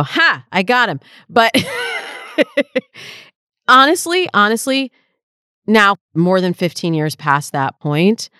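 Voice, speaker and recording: Smooth-voiced woman podcast dating coach. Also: on the low side, a bit bright, no room sound, studio quality. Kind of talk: advice podcast, answering listener questions.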